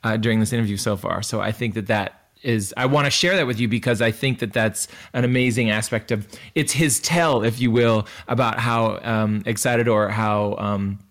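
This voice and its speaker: A man speaking in casual conversation as an interview guest, earnest and measured, with some fillers. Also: fairly low pitch, a bit bright.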